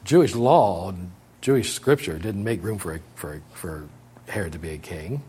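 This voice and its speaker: Animated male preacher with repetitions. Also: moderate pace, slightly rough. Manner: animated, rising high and loud when quoting and paraphrasing, dropping low for emphasis; repeats key phrases for emphasis. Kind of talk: sermon.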